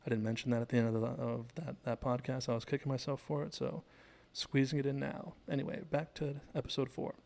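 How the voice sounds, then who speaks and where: A man hosts a casual scene-by-scene breakdown of a TV episode, recapping the plot and drifting into asides. His middle-range voice has a steady gravelly fry. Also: mid-range voice, fairly quick. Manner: chatty and digressive, retells scenes. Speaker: TV show analysis host.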